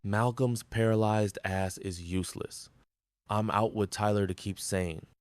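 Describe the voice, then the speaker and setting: A man voicing a cold, careless, scheming woman with a sharp, venomous tone. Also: lowish voice, fairly even intonation, a little slow, dry recording, lightly acted. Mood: contemptuous.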